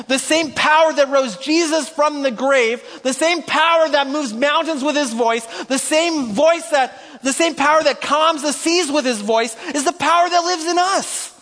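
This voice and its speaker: A male pastor with a very high, bright voice delivers a sermon in a church hall. He rambles and pokes fun at himself, then builds to rousing, shouted calls. A long reverb trails each phrase. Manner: rambling, self-deprecating, rises to rousing shouts.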